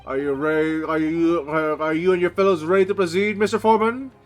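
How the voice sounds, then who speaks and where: A man voicing a formal older male trial judge from a video game in a measured, solemn way. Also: fairly high pitch, steady tone, faint music behind, voice pushed down, close to an everyday voice.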